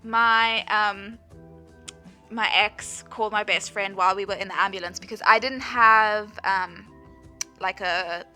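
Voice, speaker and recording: A woman's voice: mid-range voice, fairly even intonation, measured pace, pushed and bright. A young woman in her twenties, chatting through a storytime voice-over with lots of "like" and frequent laughter. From South Africa. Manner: chatty, lots of "like", laughs often while telling. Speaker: vlogger. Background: faint background music.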